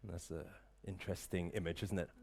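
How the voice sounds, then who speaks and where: Here a motivational speaker with a deep, mellow voice talks quickly, his intonation fairly even. He's live before an audience in an event room, packing the talk with rhetorical questions and frequent "right?"s.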